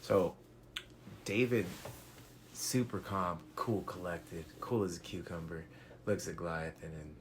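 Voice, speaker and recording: A man's voice: deep voice, unhurried, pauses often, slight background noise. A man retelling a Bible story in a laid-back, slangy, casual way with lots of fillers.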